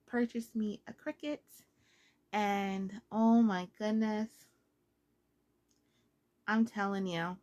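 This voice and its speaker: A woman vlogger in her thirties chatting casually to her viewers about crochet, bubbly and quick to giggle. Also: medium pitch, darkish tone.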